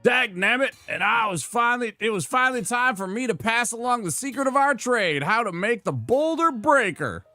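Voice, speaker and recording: A man voicing a proud, grumbling rock-creature blacksmith in a video game, raising his voice a few steps into a gruff old-timey grumble. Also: extremely high pitch, lively intonation, moderate pace, hardly any pauses, pushed and bright, dry recording, clean studio sound, faint music behind, pitched above the performer's own voice, heavily acted. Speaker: game character voice.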